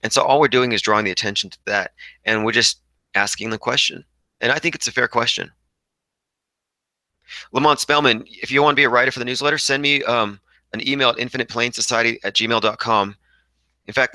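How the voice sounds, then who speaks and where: A man's voice: medium pitch, fairly quick, pushed and bright, no echo, rough recording. Combative man rambling on a livestream. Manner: rambling, combative, reads viewer comments aloud. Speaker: livestream host reading chat. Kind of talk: casual livestream chat.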